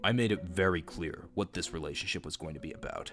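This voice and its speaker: A narrator voicing a manipulative older man who coaxes and threatens in a low voice. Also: fast, fairly bright tone, soft background music. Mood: menacing. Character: manipulative, menacing older male groomer.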